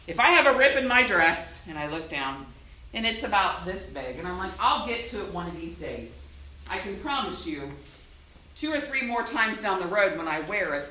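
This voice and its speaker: Speaking in a lowish voice, a woman leads an animated church youth-group talk and performs small character voices. The room echoes, and there's a little background noise.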